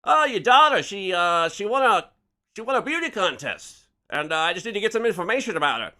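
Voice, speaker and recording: A man's voice: sits high, very animated, fairly quick, bright, forceful tone, voice pushed up, full character voice. Man doing a slick Mid-Atlantic 1940s reporter. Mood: wheedling. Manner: slick, wheedling, then abrupt. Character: pushy 1940s male newspaper reporter.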